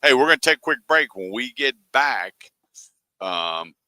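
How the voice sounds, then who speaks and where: A man's voice: mid-range voice, very animated, normal speed, bright, forceful tone, no room sound. A man hosting a radio show, talking casually and acting out callers' lines as he tells folksy stories. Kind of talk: casual radio talk with ad reads. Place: radio studio.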